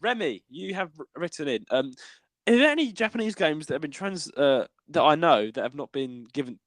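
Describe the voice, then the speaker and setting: Lively young British man giggling. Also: a little high, fairly quick, no room sound. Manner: giggly, animated, stumbles over restarts. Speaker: podcast co-host. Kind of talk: casual podcast chat.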